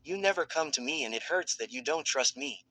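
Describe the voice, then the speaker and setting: A man's voice: fairly high pitch, animated, fairly quick, sharp tone, dry recording. A man voicing a sobbing heartbroken young woman. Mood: tearful. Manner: pleading, broken sentences. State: crying, hiccuping. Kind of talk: fan fiction reading.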